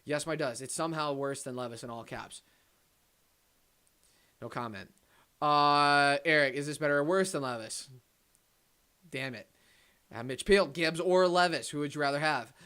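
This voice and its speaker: A young man hosting a live watch-party stream, reading chat aloud and ranting, swinging between loud outbursts and low muttered asides. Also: smooth. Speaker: livestream host.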